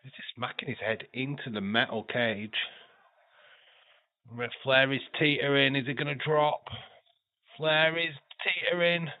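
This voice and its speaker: A man talks through a wrestling match in an unhurried, chatty way, swearing freely. His voice sits at an ordinary pitch. The recording is thin and phone-like, with no room around it. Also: fairly even intonation, dry recording. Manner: chatty, profane, laughs often. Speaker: watch-along streamer. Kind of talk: casual live commentary. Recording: tinny phone-like dry sound.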